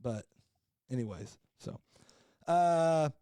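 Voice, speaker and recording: A man's voice: a little high, expressive, slow, warm tone, dry recording, clean studio sound. A man on a podcast telling a long, rambling, jokey story in casual chat, with many fillers and restarts. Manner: jokey and frank. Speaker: podcast co-host.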